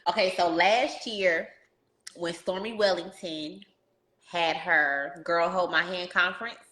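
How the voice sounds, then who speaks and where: A woman hosting a casual podcast interview, telling stories in an animated, slangy way and talking to listeners as "y'all". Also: on the low side, slow, echoey room. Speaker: podcast host.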